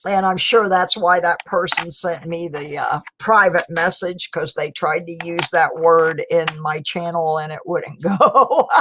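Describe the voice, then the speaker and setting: A woman's voice: lowish voice, fairly bright tone, slight background noise, low-quality recording. A woman hosting her own live stream, chatting casually with viewers and laughing often. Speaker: channel host.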